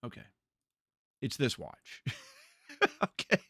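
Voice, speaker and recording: A man's voice: slow, dry recording. Male gaming streamer, casual chat, dry close sound, repeats himself, laughs a lot. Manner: animated, repeats words and laughs often. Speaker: gaming livestreamer.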